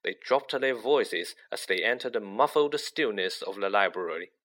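A man reading a children's novel aloud as narrator, with lively expression. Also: lowish voice, moderate pace. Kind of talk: audiobook reading.

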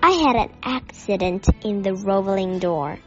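A woman's voice: medium pitch, expressive, normal speed, natural voice. A woman voicing a polite, earnest young male bear in a storybook reading. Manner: earnest and explaining. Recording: dull audio with faint music.

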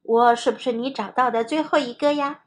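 A woman's voice: on the high side, steady tone, a little fast, close to an everyday voice. A woman voicing a small, hopeful male mouse asking questions in a children's storybook.

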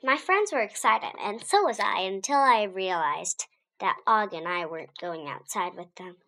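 Expressive woman reading a children's book aloud. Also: mid-range voice, moderate pace, poor audio. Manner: expressive, with asides to listeners. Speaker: storybook reader.

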